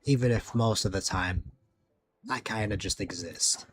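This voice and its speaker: A man's voice: lowish voice, a little slow, a little hiss or hum. A man streaming late at night, chatting casually with viewers, sleepy and rambling, losing his words.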